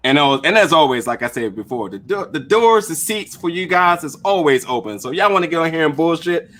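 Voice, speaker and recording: A man's voice: fairly high pitch, expressive, brisk, fairly bright tone. A man hosting a casual podcast chat, speaking earnestly and encouragingly. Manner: earnest, encouraging, laid-back.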